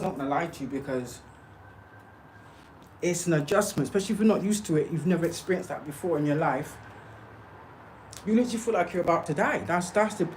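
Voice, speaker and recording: A woman's voice: lowish voice, slight background noise, low-quality recording. A woman talking straight to her livestream viewers, emphatic and insistent, often checking in with "okay?" and "yeah?". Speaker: spiritual livestreamer. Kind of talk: casual livestream monologue.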